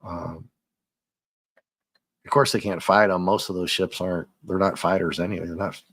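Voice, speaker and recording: A man's voice: deep voice, steady tone, moderate pace, fairly bright tone, dry recording. A man giving a casual, rambling comic book review as he reads along, chuckling often.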